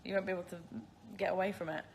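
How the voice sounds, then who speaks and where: A woman's voice: fairly low pitch, flat delivery, rapid-fire, creaky, slight background noise. A woman in her twenties with a British accent, chatting casually on a phone livestream, answering viewer questions and laughing often at herself. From Isle of Man.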